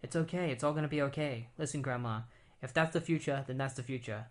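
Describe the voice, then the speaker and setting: A calm young male superhero speaks in a soft, hushed way. He sounds settled and at peace. A man reads the lines in his own lightly altered voice. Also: mid-range voice, fast talker, lightly acted. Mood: gentle. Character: young male speedster hero, calm and accepting.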